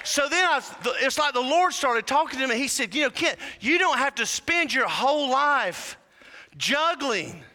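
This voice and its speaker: Fervent preacher, bright high voice, reverberant hall. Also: male voice, lively intonation, measured pace. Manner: fervent, builds to shouting whoops; humorous asides to the congregation. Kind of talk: sermon.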